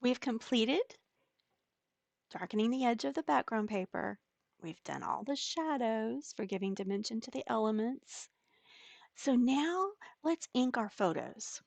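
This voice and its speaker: A woman teaching a digital scrapbooking layout step by step, talking slowly and patiently with occasional fillers. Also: on the high side, expressive, gravelly, a little mellow, dry recording. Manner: slow, step-by-step explaining with fillers. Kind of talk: screen-recorded software tutorial.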